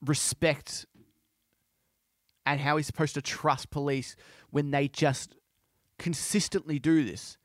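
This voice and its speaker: A man hosting a podcast, speaking in an impassioned, halting way with many restarts. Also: fairly high pitch, level tone, no room sound, studio quality. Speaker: podcast host. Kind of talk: casual monologue.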